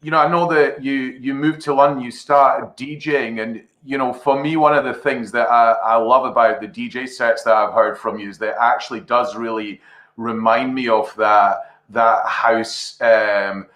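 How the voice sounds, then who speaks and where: A man hosts an interview, his questions long and full of pauses. His fairly low, steady voice rings with a clear roomy echo. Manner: long, meandering questions with hesitations.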